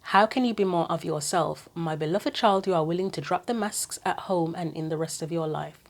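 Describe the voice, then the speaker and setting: A woman with a lowish voice giving a casual tarot reading. She muses aloud in chatty asides and reads card guidance aloud from a book. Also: fairly quick. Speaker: tarot reader.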